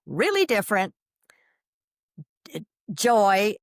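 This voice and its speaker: An older woman telling a personal story as an interview guest, animated and vivid, acting out the voices she quotes. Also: mid-range voice, slow pace, no echo, studio quality.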